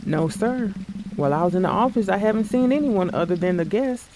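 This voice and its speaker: A man's voice: sits high, expressive, brisk, a little mellow, slight background noise, voice pushed up. A man reading the lines of a polite male office worker speaking formally to a detective. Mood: deferential.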